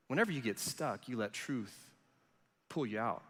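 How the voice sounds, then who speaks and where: A man's voice: medium pitch, lively intonation, moderate pace, pauses often, a bit bright. A man in his thirties, a student pastor giving a youth sermon in a conversational, storytelling way. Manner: storytelling, conversational, self-deprecating. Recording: long reverb of a large hall.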